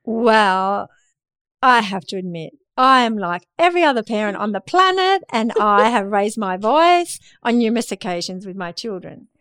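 A woman's voice: medium pitch, animated, moderate pace, fairly bright tone, clean tone, dry recording. A middle-aged woman co-hosting a parenting podcast, speaking candidly and with good humour. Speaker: podcast co-host. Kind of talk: casual parenting chat.

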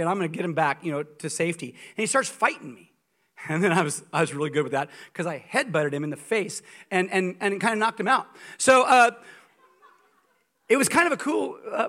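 A man preaching as a guest speaker, telling stories in an animated, humorous and emphatic way. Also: sits high. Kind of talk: sermon.

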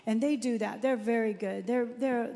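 A woman's voice: on the high side, steady tone, mellow. Chatty grandmother co-host, reverberant sound. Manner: chatty, storytelling, quick to laugh. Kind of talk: faith-based relationship talk.

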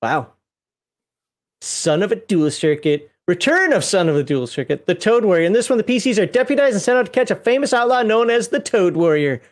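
A co-host reviewing a game book chats in a relaxed way, reading rulebook entries aloud and breaking off to laugh and joke. The pitch is mid-range and the pace easy and unhurried.

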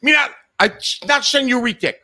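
Man putting on a shrill stubborn buyer. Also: expressive, normal speed, full character voice. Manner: shrill, clipped, loud. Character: angry male overseas buyer, broken speech.

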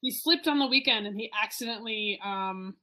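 Young woman, relaxed and hesitant. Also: on the high side, brisk. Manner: relaxed, hesitant, lots of ums. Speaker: podcast co-host. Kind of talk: casual chat.

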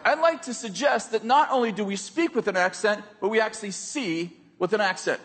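A man preaching a sermon to his congregation, conversational and quick to make joking asides to the room. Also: high-pitched, fairly bright tone, in a large hall. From United States. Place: church hall with a congregation.

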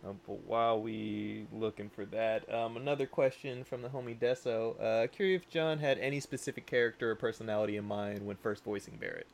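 Gravelly, low-key podcast host man. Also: steady tone, fairly quick, few pauses, a little hiss or hum. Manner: low-key, reads out listener questions. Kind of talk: casual podcast chat.

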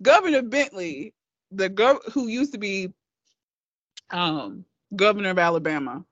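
A woman's voice: mid-range voice, unhurried, dry recording. A woman telling a story in casual chat, cursing freely and laughing often. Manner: profane, laughing, animated storyteller. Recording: slightly muffled, dry.

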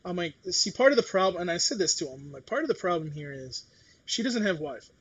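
A man's voice: high-pitched, very animated, fast, a bit bright, breathy edge. A middle-aged man in casual chat, talking bluntly with swearing and acting out what others said. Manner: blunt, swears, acts out quotes.

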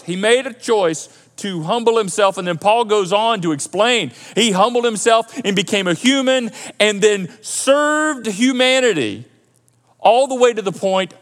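A male pastor preaching a sermon in a lively, conversational way and often repeating himself. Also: sits high, a little slow. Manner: animated, conversational preaching with repetitions. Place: church auditorium. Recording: echoey hall.

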